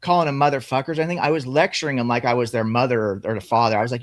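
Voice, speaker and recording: A man's voice: mid-range voice, very fast, hardly any pauses, dry recording. Guy telling a wild story, lots of swearing, dry close sound. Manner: profane, animated storytelling. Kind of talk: casual storytelling.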